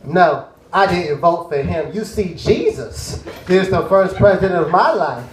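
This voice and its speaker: A man putting on his stubborn old grandmother, slow and set in her ways. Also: high-pitched, lively intonation, far from the mic, crowd noise. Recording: roomy cafe stage.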